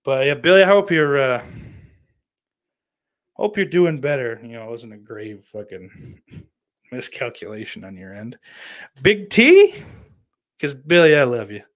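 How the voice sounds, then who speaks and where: A young man hosting a live stream in a loose, rambling way, cursing constantly. His delivery swings between loud ranting outbursts and low, subdued mumbling. His voice sits at an ordinary middle pitch for a man. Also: lively intonation, normal speed, long pauses. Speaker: streamer host. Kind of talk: casual live-stream commentary.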